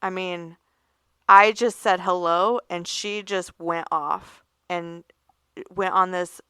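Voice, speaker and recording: A woman co-hosting a podcast, chatting casually and telling animated stories, acting out the voices of callers. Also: fairly low pitch, takes it slowly, clear, resonant tone, no echo. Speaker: podcast co-host. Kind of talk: casual chat.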